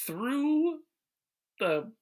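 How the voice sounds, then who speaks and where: A man co-hosting a casual podcast, recapping a movie's plot with wry, deadpan jokes. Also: very high-pitched, drawn-out words. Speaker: podcast co-host. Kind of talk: casual movie-roasting chat.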